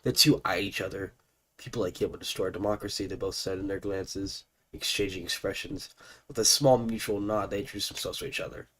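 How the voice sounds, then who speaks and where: A man's voice: low-pitched, brisk. Guy streaming a strategy game, stuffy allergy voice, gets hyped, trips over names reading the text. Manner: excitable, stumbles over names. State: congested with allergies. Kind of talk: live gameplay commentary and reading game text aloud.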